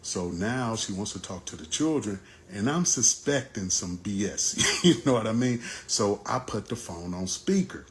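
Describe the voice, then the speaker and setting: A man's voice: fairly low pitch, expressive, moderate pace, few pauses, a little hiss or hum. A father casually telling a personal story to camera, conversational and getting heated at times. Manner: conversational, gets heated and loud when retelling the argument.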